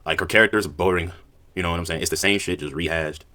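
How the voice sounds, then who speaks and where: A man giving rapid, conversational wrestling opinion commentary, often repeating "you know what I'm saying". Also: deep voice, fairly even intonation, pushed and bright. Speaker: wrestling opinion video narrator.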